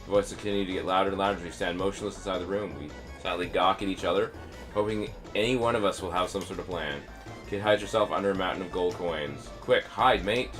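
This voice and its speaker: A man's voice: low-pitched, fairly even intonation, quick pace, over music. A man streaming a text adventure, reading it aloud with stumbles and offhand asides.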